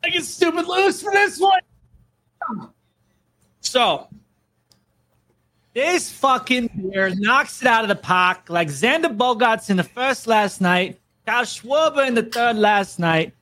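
A man doing a loud fake Boston sports bro. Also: sits high, expressive, slow, exaggerated voice. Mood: hyped. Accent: put-on Boston, badly done. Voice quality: brash, shouty.

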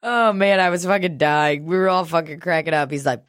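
A woman's voice: lowish voice, brisk, no room sound, studio quality. A woman chatting casually, swearing freely, laughing often and acting out what people said. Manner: crude, laughs often, acts out quotes. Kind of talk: casual chat.

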